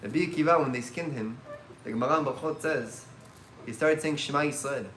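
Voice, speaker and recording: A man teaching a religious class as a rabbi, telling stories in an animated way and mixing in Hebrew terms. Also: medium pitch, fairly quick, slight background noise. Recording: echoey room.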